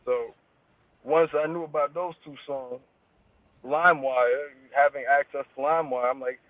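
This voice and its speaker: A man's voice: medium pitch, fairly even intonation, normal speed, dry recording. A man as an interview guest, talking in casual street slang with heavy swearing. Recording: tinny phone-like line, dry.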